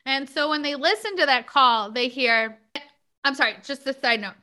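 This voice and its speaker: This podcast host's voice is high-pitched, bright and forceful, and she keeps a moderate pace. She chats casually, drifting into asides and leaning heavily on fillers such as "like" and "you know."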